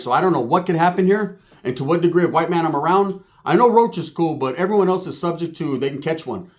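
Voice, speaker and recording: A man telling a profane, comic story in casual talk, tagging his lines with "right?". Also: on the high side. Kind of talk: comedic storytelling.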